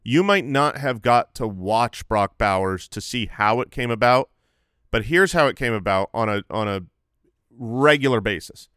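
A man co-hosting a fantasy football podcast, talking in a relaxed, conversational way with filler phrases. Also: medium pitch, normal speed, clear, resonant tone, no room sound, studio quality. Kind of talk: casual sports analysis chat.

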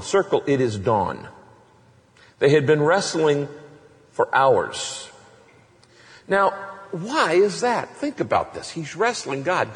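A male pastor preaching a sermon, animated, acting out passionate prayers to his congregation. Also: fairly high pitch, long reverb tail.

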